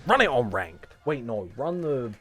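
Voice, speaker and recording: A man streaming to his chat, hyper and rambling, swearing often, jumping between loud high bursts and low mutters. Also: sing-song, unhurried, faint music behind. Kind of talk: casual stream chatter.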